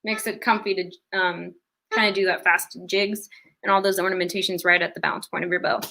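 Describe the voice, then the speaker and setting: A woman's voice: lowish voice, little pitch movement, brisk, gravelly, bright, forceful tone. A young woman giving an online fiddle lesson, explaining ornaments step by step and counting beats aloud. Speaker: fiddle teacher. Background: fiddle playing.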